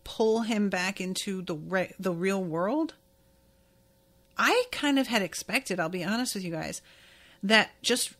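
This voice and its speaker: A woman's voice: medium pitch, a bit bright. A woman hosting a podcast, recapping an episode in a casual, candid way and swearing now and then. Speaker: podcast host.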